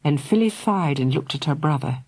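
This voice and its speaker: A woman narrating a children's audiobook in a dramatic, expressive way. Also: low voice, normal speed. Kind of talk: scripted narration.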